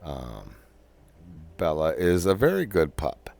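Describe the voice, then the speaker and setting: Deep-voiced man, slow and rambling, easygoing monologue, with the hiccups. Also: wildly swooping pitch, vocal fry, a little mellow. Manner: rambling with many ums and restarts. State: has the hiccups. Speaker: podcast host. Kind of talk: casual personal monologue.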